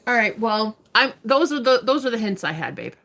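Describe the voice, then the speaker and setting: A woman's voice: fairly high pitch, very animated, fairly quick, vocal fry, fairly bright tone. A young woman giving live-stream tarot readings, chatting casually, swearing freely and laughing often. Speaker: tarot reader.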